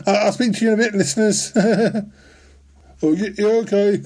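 A man's voice: high-pitched, a little slow, dark tone, slightly rough. A man hosting a comedy radio-style show, fretful and dithering, full of ums and little chuckles. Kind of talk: comic radio-style monologue.

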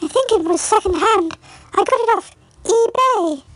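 A woman voicing a gentle little alien who talks in a slow, earnest, plaintive way. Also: very high voice, lively intonation. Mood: sad. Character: small, gentle alien creature, anxious and sad. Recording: echoey and distant from the mic.

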